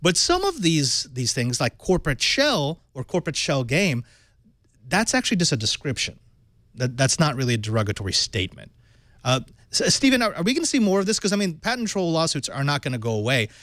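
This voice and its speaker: A man hosting a tech panel show, his voice a bit higher than most and swinging widely up and down. He talks in lively bursts and throws questions at his guests. The sound is dry and close, with no room around it. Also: fairly quick, no room sound. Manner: animated, rising and falling questions. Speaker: host.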